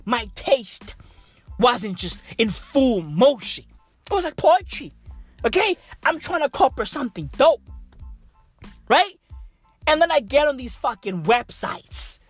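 A woman's voice: sits high, sing-song, takes it slowly, pauses often, husky, dry recording, soft background music. A woman doing a comic rant monologue in slangy, profane hype-bro talk. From South Africa.

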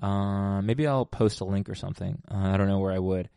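A man's voice: deep voice, fairly even intonation, fairly quick, gravelly, dark tone, clear, resonant tone, no echo, clean studio sound. A man hosting a casual rambling monologue, digressive and self-mocking, with many fillers and restarts. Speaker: podcast host.

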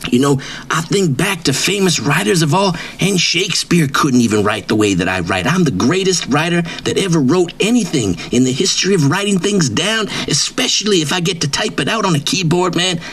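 A swaggering, self-proclaimed legend of wrestling writing, as a man puts him on for a comedy bit. He brags nonstop in a raised, lively voice that leaps up and down. He leans on the same catchphrases over and over. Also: on the high side, fairly quick, hardly any pauses, husky, pitched above the performer's own voice, exaggerated voice. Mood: boastful. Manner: brash bragging, repeats catchphrases, drawls "man" constantly. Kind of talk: comedic improvised character bit.

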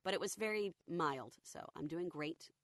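A woman with a low, husky morning-after-illness voice tells career stories with lively energy. She acts out quotes from other people as she goes. The sound is close and dry, with no room around it. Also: normal speed, dry recording. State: deep, recovering voice after illness. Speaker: voice actor guest. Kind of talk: casual storytelling interview.

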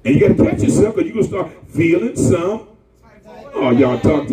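A man preaching a sermon, animated and colloquial, calling out to the congregation. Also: mid-range voice, moderate pace, roomy sound, recorded from a distance, crowd noise, rough recording.

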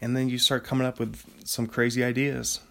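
Gravelly, loopy solo podcast man. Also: mid-range voice, brisk. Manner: loopy, rambling, excitable with sudden laughing bursts. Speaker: podcast host. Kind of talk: solo late-night podcast ramble.

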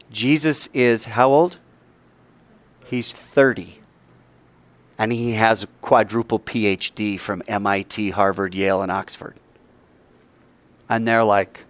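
A man preaching a sermon in a lively, joking way, acting out quoted voices. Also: mid-range voice. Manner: animated, jokey, acts out quoted voices. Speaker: pastor.

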